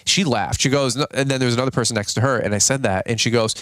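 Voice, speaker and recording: A man in his thirties hosts a relaxed podcast, rambling through stories with frequent laughter. His voice sits at an ordinary pitch and is recorded close and dry, with no room sound. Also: very fast, no room sound. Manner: joking, rambling, laughs often. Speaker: podcast host. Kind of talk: casual chat.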